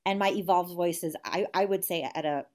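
A woman's voice: fairly low pitch, fairly quick. A woman in her forties, a guest in an interview, speaking in a reflective, candid way with frequent restarts. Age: 40s. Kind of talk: conversational interview.

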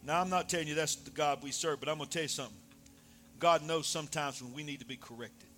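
A man preaching a sermon, dropping soft then shouting loudly. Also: a little high, fast, faint music behind. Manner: animated, swings from soft to shouting. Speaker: pastor.

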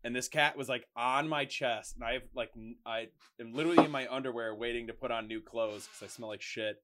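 A man telling stories in a loose, casual way, peppered with likes and curses. His voice sits at an ordinary pitch. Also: a little fast, pushed and bright, slight background noise. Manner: loose, heavy swearing, lots of likes. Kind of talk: casual chat, storytelling.

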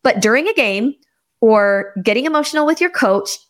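A woman hosting a casual conversation, telling stories about her kids in a chatty, lively way. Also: on the high side, moderate pace. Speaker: host.

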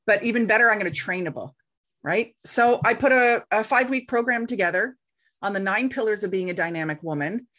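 Her voice sits in the mid-range and moves briskly. She's a middle-aged interview guest recounting a story casually, full of animation, and she puts on voices for the people she's quoting.

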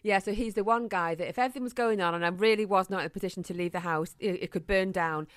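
A middle-aged woman co-hosts a podcast, telling jokey stories in casual, chatty conversation. Her voice is medium-pitched and fast, on a dry recording.

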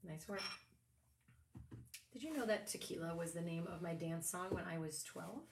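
A woman co-hosting a casual beer-tasting show, chatty and giggly with soft asides. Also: lowish voice, moderate pace, vocal fry. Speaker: podcast co-host. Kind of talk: casual chat. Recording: echoey room, mic at a distance, faint hiss.

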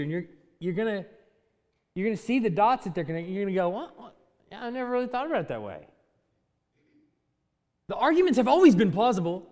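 A man preaching a lively sermon who acts out little voices and laughs along the way. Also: high-pitched, long reverb tail. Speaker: pastor.

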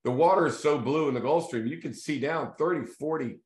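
A man hosting a casual video series, telling a fishing story in a loose, animated way and acting out the voices of the people in it. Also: on the high side, brisk. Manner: animated storyteller who acts out quoted voices. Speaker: real estate team leader hosting a video series. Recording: echoey room.

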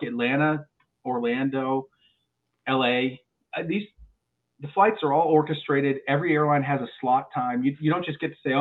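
A male airline pilot, a guest on a podcast, telling stories in a lively way and often restarting his words. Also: medium pitch. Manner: animated storyteller with frequent restarts and repeated words. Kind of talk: podcast interview chat. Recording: phone-like narrow sound.

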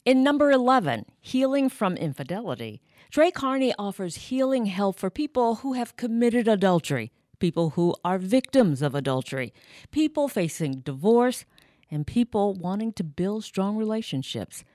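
Lively woman host reading an intro. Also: medium pitch, moderate pace, no echo, studio quality. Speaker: podcast host. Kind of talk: scripted introduction.

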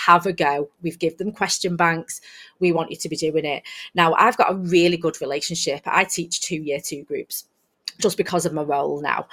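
A woman with a fairly low voice, speaking as a guest on a podcast. She talks with energy and animation and keeps dropping in "you know" as she tells classroom stories. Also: fairly bright tone. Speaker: guest teacher. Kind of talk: casual conversational podcast chat.

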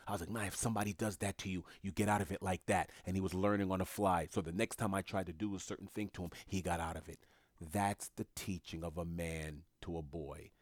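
A man's voice: deep voice, brisk, no echo, clean studio sound. A man in casual conversation, telling a family story with lots of animation and acting out what others said. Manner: animated storyteller who acts out others' lines.

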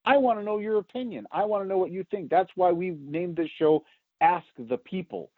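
A man co-hosting a political podcast, talking loudly and emphatically, getting louder when he is excited. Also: high-pitched, a little fast, dry recording. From United States. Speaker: podcast co-host. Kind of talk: opinionated political podcast talk. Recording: tinny phone-like sound.

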